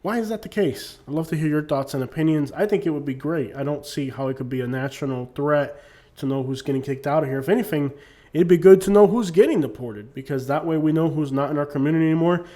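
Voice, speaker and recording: A man's voice: fairly high pitch, quick pace, warm tone. A man talking casually to camera as a YouTuber, rambling with lots of fillers. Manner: rambling, many "you know what I'm saying" fillers. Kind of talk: casual opinion monologue.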